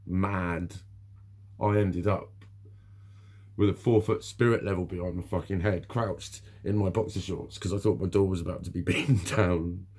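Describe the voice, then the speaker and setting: A man's voice: low-pitched, fairly even intonation, normal speed, darkish tone, breathy edge. A middle-aged man, talking candidly to camera in a rambling, sweary way, laughing often. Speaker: vlogger. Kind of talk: candid personal monologue.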